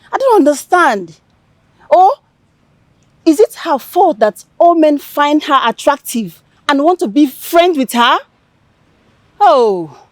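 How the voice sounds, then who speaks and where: A woman's voice: high voice, darkish tone, no echo, exaggerated voice. An earnest, reproachful young woman. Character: principled young woman who refuses to scheme. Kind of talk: Nollywood film acting.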